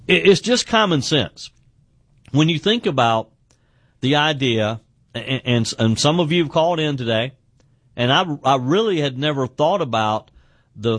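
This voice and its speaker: A man's voice: mid-range voice, dry recording, clean studio sound. A man hosting a call-in radio talk show, often stumbling and repeating words as he talks.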